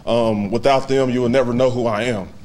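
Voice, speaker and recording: A man in his thirties giving a heartfelt, halting acceptance speech at a hall of fame banquet, fighting back tears and laughing softly. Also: medium pitch, fairly even intonation, slight background noise.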